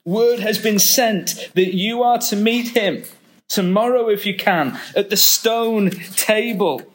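A man voicing a stern, excitable male beaver in a storybook read-aloud. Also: sits high, slow pace, a little hiss or hum, pitched above the performer's own voice. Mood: stern, insistent. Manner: stern, emphatic.

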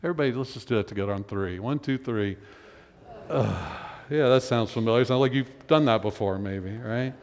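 A male pastor preaching a conversational sermon, voicing drawn-out groans and sighs. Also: medium pitch. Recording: long hall reverb.

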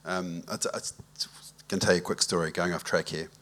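Deep-voiced and brisk, a pastor talks to his congregation conversationally, unwinding a relaxed story and asking for a show of hands.

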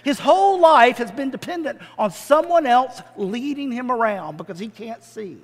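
Pastor guy giving a sermon, chatty and jokey, pretty high voice, long church reverb. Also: animated, moderate pace. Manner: conversational, humorous storytelling with modern comparisons.

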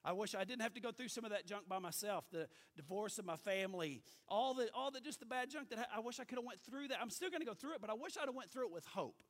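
A middle-aged man preaching as pastor, folksy and animated, asking the congregation for amens. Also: high voice, quick pace, few pauses. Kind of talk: sermon.

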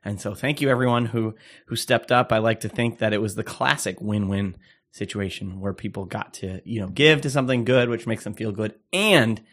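Eager, rambling lower-voiced male co-host. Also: fairly even intonation, moderate pace, a bit bright. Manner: eager, rambling, lots of fillers and laughs. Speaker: podcast co-host and pastor. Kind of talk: casual chat.

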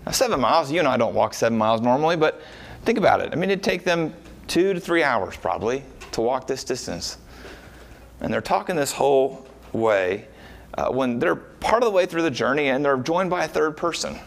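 Male pastor mid-sermon, lively up-and-down delivery, casual asides and rhetorical questions. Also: medium pitch, fairly quick, gravelly. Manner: animated, rhetorical questions, frequent uh fillers.

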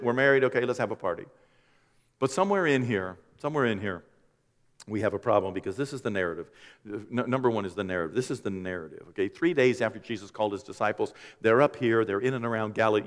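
A middle-aged man preaching a teaching sermon as pastor, animated and joking, acting out quoted voices. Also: medium pitch. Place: church sanctuary. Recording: long hall reverb.

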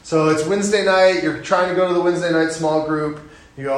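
A man's voice: fairly high pitch, fairly quick. A middle-aged male pastor preaching a sermon in a church sanctuary, earnest and conversational, encouraging the listeners. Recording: very echoey sanctuary.

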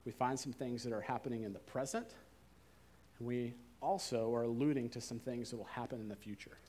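A male preacher delivers a sermon in a relaxed, conversational voice of middling pitch. He slows down and drops to a softer voice to stress key words.

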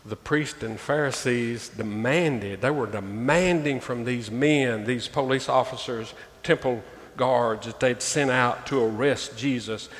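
A man's voice: mid-range voice, a little slow. A male pastor preaching a sermon, reading scripture aloud and calling his listeners "folks" with emphatic rises. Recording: long reverb, faint ambient noise.

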